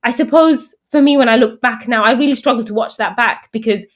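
A woman's voice: a little high, a little fast. A woman in her thirties from England, a guest telling stories in casual chat and acting out the voices of the people she quotes. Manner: animated storyteller, acts out quoted voices.

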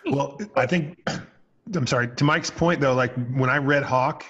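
A man's voice: medium pitch, a little slow, fairly bright tone, muffled recording. A man co-hosting an interview show, making dry, wry remarks. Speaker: podcast co-host. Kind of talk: casual interview chat.

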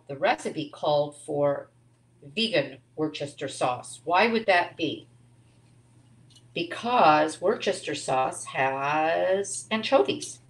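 A woman's voice: low voice, reverberant, poor audio. A woman teaching a live online cooking class from her home kitchen, chatting and making asides as she cooks.

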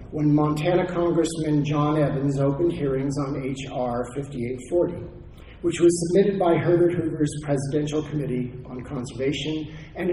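A man's voice: fairly high pitch, mellow. Man giving a scholarly talk in an echoey hall. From Oregon, United States. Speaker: conference speaker, historian. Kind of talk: academic conference talk. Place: conference hall. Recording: echoey hall, faint noise.

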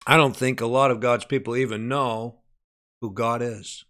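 A man preaching a sermon with fervor, dropping to hushed lines and rising to shouted peaks, often asking "Amen?". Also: fairly even intonation, moderate pace. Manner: fervent preaching, swinging from hushed low lines to shouted climaxes; calls out "Amen?" to the congregation.

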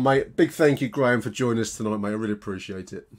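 A man's voice: on the low side, fast talker. A man hosting a football podcast in casual chat, talking with many repeated words and restarts. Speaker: podcast host.

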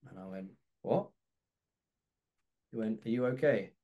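Man, podcast host, low voice, candid personal storytelling. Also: a little slow, highs cut off. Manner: candid and reflective, acts out phone calls.

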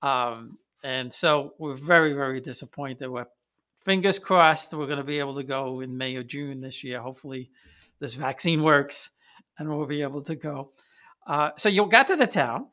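A man's voice: medium pitch, normal speed, sharp tone. A man hosting an interview, chatting casually and asking questions about family connections. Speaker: interviewer, host. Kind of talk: conversational interview.

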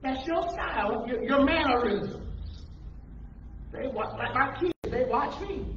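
A man preaching a call-and-response sermon to a congregation, animated and calling out questions for them to answer. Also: very high-pitched, measured pace, slight background noise. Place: church hall with a congregation. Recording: echoey room from far off, dull lo-fi.

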